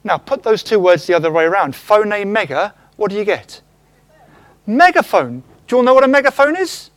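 Animated, high-voiced male preacher. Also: brisk, no echo. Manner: animated, acts out quotes, asks the congregation questions. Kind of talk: sermon. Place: church.

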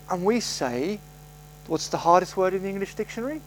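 Lively high-voiced male preacher. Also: brisk, a little hiss or hum, low-quality recording. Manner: storytelling, conversational, acts out quoted voices. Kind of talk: sermon. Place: church service.

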